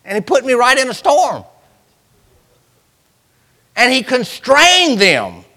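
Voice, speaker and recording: A man preaching a sermon in a church, swinging from loud cries to hushed lines. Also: very high-pitched, wildly swooping pitch, takes it slowly, big-room sound.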